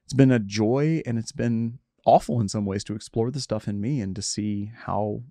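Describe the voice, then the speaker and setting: A man's voice: fairly low pitch, moderate pace, mellow, no echo. A middle-aged man in reflective conversation, earnest and self-searching, often trailing off and restarting his sentences.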